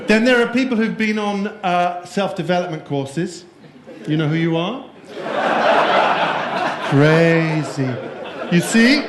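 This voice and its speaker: A man's voice: sits high, normal speed, a loud crowd, heavy background noise. Playful man speaking in an echoey room. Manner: playful, jokey, quizzes the audience. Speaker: keynote speaker. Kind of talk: conference keynote talk. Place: conference room before a live audience.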